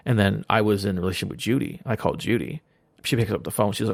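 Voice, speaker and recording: A man's voice: deep voice, quick pace, vocal fry, no room sound, studio quality. A man chatting casually on a podcast, rambling through a game's story and quoting its characters along the way. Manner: rambling retelling of a game plot, quoting characters. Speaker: podcast guest.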